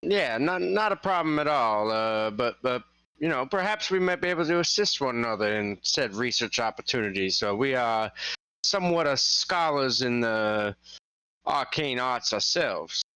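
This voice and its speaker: A man's voice: medium pitch, lively intonation, moderate pace, bright, forceful tone, smooth, no echo. A man playing a hesitant, overly formal rogue and chef who stumbles over fillers. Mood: politely hesitant.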